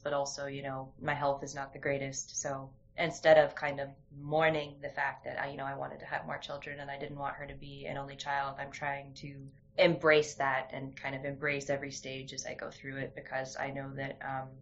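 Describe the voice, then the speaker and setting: A woman's voice: very deep voice, little pitch movement, a little fast, creaky, few pauses, fairly bright tone. A young woman talking candidly in a casual conversation, telling stories with frequent restarts. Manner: candid, storytelling, many restarts. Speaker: guest. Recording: dull lo-fi sound.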